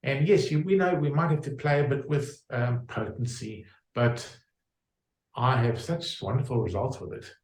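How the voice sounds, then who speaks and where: A man describes his remedies in a conversational interview, stopping and restarting as he reaches for examples. His voice sits at a middling pitch, and the room around him is noticeably echoey. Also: normal speed, a little mellow. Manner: explains with homely examples, many fillers and restarts. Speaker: homeopath guest.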